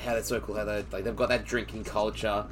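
A man's voice: fairly low pitch, little pitch movement, fast talker, soft background music. Laid-back young man storytelling. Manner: laid-back, rambling, slangy. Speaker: podcast co-host. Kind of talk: casual storytelling chat.

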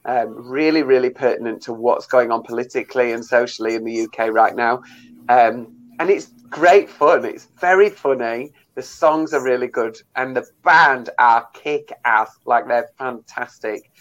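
Enthusiastic actor guest, chatty with fillers, lo-fi sound. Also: male voice, medium pitch, normal speed, fairly bright tone. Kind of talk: casual radio interview chat.

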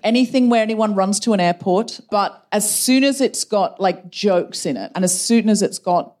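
A woman hosting a live comedy podcast, quick and witty, speaking with emphasis before an audience. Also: medium pitch, animated, a little mellow. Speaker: podcast host.

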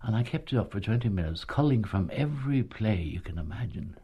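A man's voice: fairly low pitch, expressive, fairly quick, mellow, husky, dull audio. An older man, a former actor, telling a funny anecdote about his early stage days, often adding "you see" and chuckling. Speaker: retired actor recalling touring days. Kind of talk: anecdotal storytelling.

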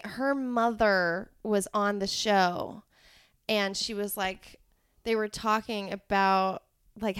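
A woman's voice: mid-range voice, a bit bright, clear, resonant tone, no echo, studio quality. A woman guest on a podcast, chatting casually and telling stories with frequent giggles. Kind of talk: casual chat.

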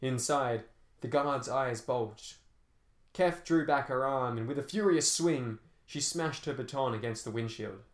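A man with a mid-range voice and measured pace narrates an action novel audiobook, telling fight scenes dramatically with shifting pace. The recording has a roomy echo.

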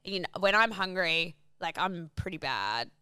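A woman's voice: on the low side, animated, unhurried, sharp tone, clean tone. A woman telling a rambling travel story in casual chat, full of fillers.

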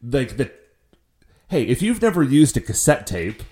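A man co-hosting a laid-back conversation, his mid-pitched voice rising and falling freely. He explains things loosely, leaning on "like" and restarting as he goes. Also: normal speed. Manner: relaxed, explains things with lots of fillers. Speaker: podcast co-host. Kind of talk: casual chat recapping a show.

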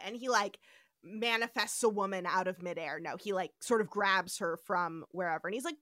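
A woman's voice: mid-range voice, unhurried, dry recording, studio quality. A woman hosting a casual podcast, retelling episode scenes and acting out the characters' lines. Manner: animated storytelling, acts out quotes. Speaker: podcast host.

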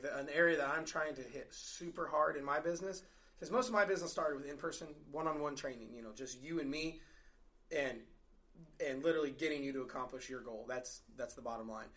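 A man who is a fitness coach, talking in a relaxed, halting way in a casual podcast chat. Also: mid-range voice.

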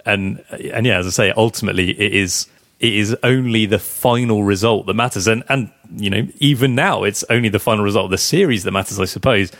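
Male podcast co-host, low-pitched, chatty and wry, dry close-mic sound. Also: a little fast, a bit bright, no echo. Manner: chatty, teasing, laughs while talking. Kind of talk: casual cricket chat.

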